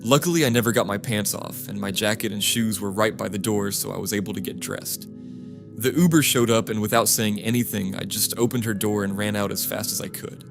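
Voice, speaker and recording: Over background music, a man with a fairly low, gravelly voice reads first-person stories aloud as scripted narration. His delivery is steady and flat, moving a little fast.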